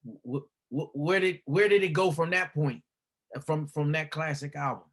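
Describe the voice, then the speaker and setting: A man's voice: a little high, normal speed, fairly bright tone. A man hosting a casual interview, affirming often with short interjections and asking rambling, repeated questions. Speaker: interview host.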